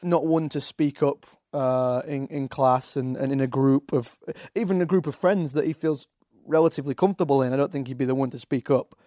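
A man's voice: medium pitch, a little fast, mellow, no echo, studio quality. A man with an English accent, a guest talking casually on a podcast, hesitant with fillers and restarts. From England. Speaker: actor guest.

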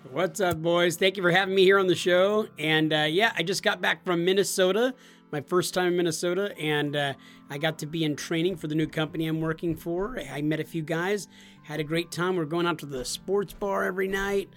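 A man from Nebraska co-hosting a podcast, telling animated stories and laughing as he talks. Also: sits high, fairly quick, faint music behind. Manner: animated storyteller, laughs while talking. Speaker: podcast co-host. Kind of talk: casual storytelling chat.

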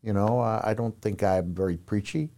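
Middle-aged man, low mellow tone, relaxed self-deprecating raconteur. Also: moderate pace. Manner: rambling, self-deprecating, frequent "you know" fillers. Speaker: podcast guest, retired wrestler. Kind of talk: casual storytelling chat.

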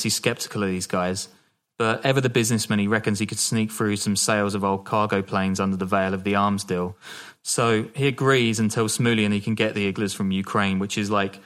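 A man's voice: lowish voice, a bit bright. A man hosting a podcast, telling a true-crime story in a casual, joking way and laughing often.

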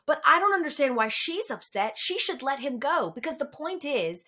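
A woman's voice: high voice, big pitch swings, moderate pace, sharp tone. A woman co-hosting a casual podcast chat, telling stories animatedly and acting out the people she quotes. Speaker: podcast co-host.

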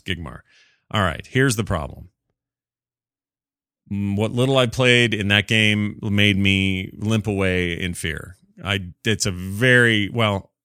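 A man with a fairly low voice hosts a casual solo gaming podcast, reading out listener emails and riffing on them. He rambles and restarts, pokes fun at himself, and sounds close to the mic in a dry, dead room. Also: a bit bright, no room sound. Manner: chatty, self-deprecating, rambling with restarts. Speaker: podcast host.

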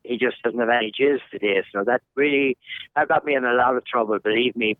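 An older Irish man, a soccer commentator, tells jokey stories as a guest in a casual podcast interview. His mid-range voice moves a little fast, and the recording is dry and tinny, like a phone line, with no room sound.

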